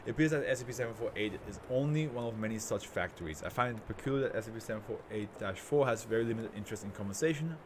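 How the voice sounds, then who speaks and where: A man's voice: on the low side, very fast, few pauses, noisy background. A man reading horror fiction aloud in a casual way, stumbling over words now and then. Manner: reads with stumbles and restarts.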